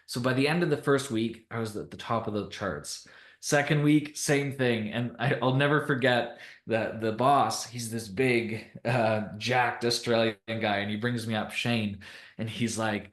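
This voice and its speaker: A young man from Canada, a podcast guest, telling a personal story in a casual, animated way and laughing often. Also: mid-range voice, measured pace, echoey room.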